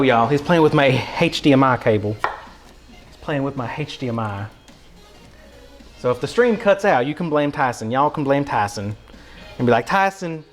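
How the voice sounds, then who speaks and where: A man's voice: fairly high pitch, fairly bright tone. A man doing a put-on, exaggerated Southern drawl as a folksy, hospitable cook while chatting on a cooking livestream.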